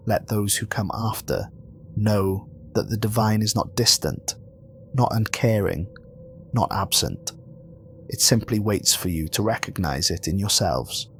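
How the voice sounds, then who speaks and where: A man's voice: low-pitched, a little hiss or hum. A man voicing Raziel, a solemn archangel. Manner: gentle yet commanding, solemn and measured. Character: calm, commanding archangel of immense, gentle authority.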